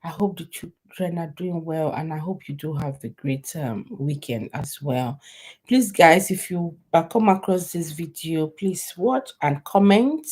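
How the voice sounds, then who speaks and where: A woman's voice: sits low, unhurried, a little mellow, husky. A Nigerian woman chatting casually to her viewers on a live stream, rambling and laughing often.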